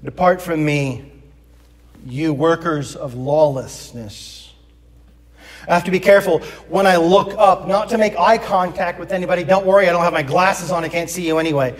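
A man's voice: sits high, fairly even intonation, quick pace, few pauses, big-room sound. A man preaching a sermon to his congregation, earnest, with wry asides. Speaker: pastor. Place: church sanctuary.

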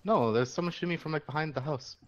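A man chatting with friends during an online match, giving quick, teasing callouts. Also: a little high, muffled recording, noisy background. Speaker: gaming friend. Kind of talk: casual gameplay chat.

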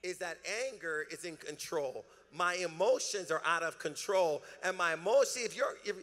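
In a church sanctuary, a high, bright-voiced man preaches a sermon at normal speed. The pastor's delivery is emphatic, built on call-and-response, and a long hall reverb fills the recording.

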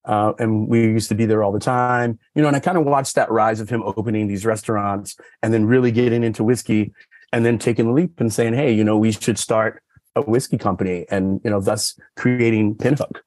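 The man's tone is steady, brisk and a little mellow, captured in a dry recording. As a sommelier guesting on a podcast, he tells stories casually and meanderingly, saying "like" and "you know" a lot, and acts out quoted dialogue by lifting his pitch.

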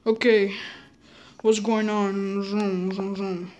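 A woman's voice: mid-range voice, level tone, takes it slowly, a little mellow. A woman rambling playfully into a phone or laptop mic while trying out a camera app, often repeating herself and saying okay.

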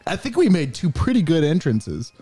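A man co-hosting a comedy show, improvising a wild story and bursting into shouted character lines. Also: fairly high pitch, sing-song, normal speed, breathy edge, no room sound, faint music behind. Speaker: podcast co-host.

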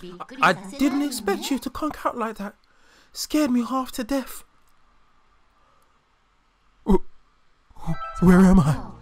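A woman voicing a bossy, exasperated genius woman in a squawking, scolding high voice over a video game. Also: expressive, slow, pauses often. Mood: worried.

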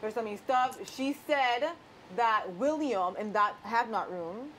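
A woman's voice: fairly high pitch, a little slow, a bit bright, slight background noise, rough recording. A woman in casual group chat, telling a story with animation and acting out what people said. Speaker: reality game contestant. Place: house, indoors.

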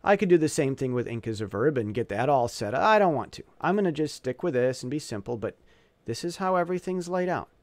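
A man giving a casual software walkthrough, thinking aloud as he clicks through, often restarting and correcting himself. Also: mid-range voice, expressive, quick pace, dry recording. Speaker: tutorial presenter.

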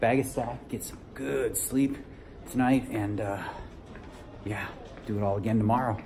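A man's voice: on the low side, fairly even intonation, measured pace. A man talking casually to his vlog viewers, loose and chatty, calling them "y'all" and laughing often as he recaps his day. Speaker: poker player vlogging his tournament day. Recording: noisy ambience behind the voice.

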